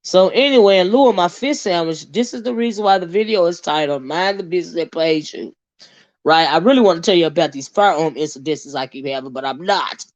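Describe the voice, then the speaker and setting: A woman's voice: fairly low pitch, a little fast, no room sound, dull audio. A woman, chatting casually to her viewers, talkative and laughing often. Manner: chatty, laughs a lot, drawls "child" and "y'all". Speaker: vlogger.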